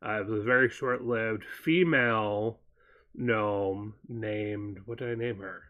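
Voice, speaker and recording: A man co-hosting a casual chat show, wandering through his thoughts and pausing to recall details. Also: on the low side, narrow, tinny audio. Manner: meandering, stops to recall details mid-sentence.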